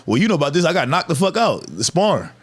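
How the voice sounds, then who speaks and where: A man's voice: on the high side, huge pitch swings, fast talker, husky. A man in his thirties telling stories in a casual, profane podcast chat, laughing as he goes. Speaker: podcast guest, comedian.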